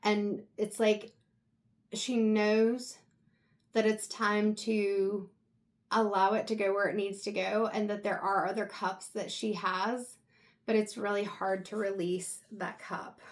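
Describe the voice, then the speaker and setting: Woman tarot reader, mid pitch, soft and halting, emotional. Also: flat delivery. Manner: soft, reflective, halting with pauses. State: emotional, close to tears. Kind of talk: intuitive tarot reading.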